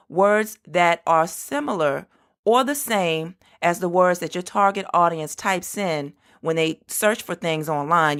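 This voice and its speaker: A woman hosting her own business podcast, explaining things step by step and spelling out web addresses slowly. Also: on the low side. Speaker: podcast host. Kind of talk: solo business podcast talk.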